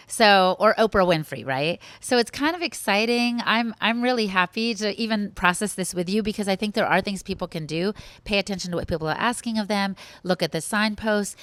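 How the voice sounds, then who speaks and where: A woman guest on a podcast, telling animated, rambling stories with frequent restarts in a casual conversational way. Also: mid-range voice, smooth, dry recording.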